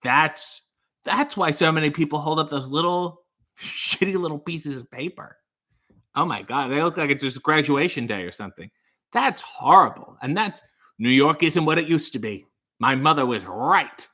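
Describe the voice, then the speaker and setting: A comedian host reading out viewer comments on a casual livestream, with sarcastic, deadpan asides. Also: male voice, on the high side, normal speed.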